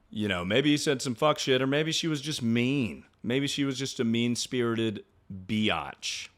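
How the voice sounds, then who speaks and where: A man's voice: lowish voice, fairly bright tone. A young man streaming, riffing on viewer stories in crude, rambling casual chat. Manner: rambling, joking, trails off into mumbles.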